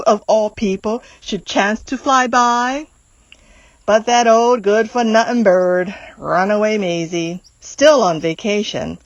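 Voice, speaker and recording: A woman volunteer reading a rhyming children's storybook aloud in an expressive, sing-song way. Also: on the high side, no room sound, dull audio. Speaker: volunteer reader.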